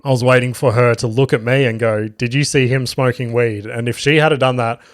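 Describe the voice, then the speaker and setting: A young Australian man spinning a yarn on his solo podcast, swearing casually and slipping into little acted voices for the people in the story. His voice sits at an ordinary middle pitch. The sound is close and dry, with no room around it. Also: fairly quick, no echo. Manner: profane, animated storyteller with acted quotes. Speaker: podcast host.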